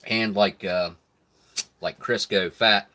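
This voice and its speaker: A man's voice: on the low side, fairly even intonation, takes it slowly, sharp tone. A man hosting a casual live stream, chatting and chuckling while he eats a ration meal. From United States. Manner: laid-back, chuckles often, talks between bites.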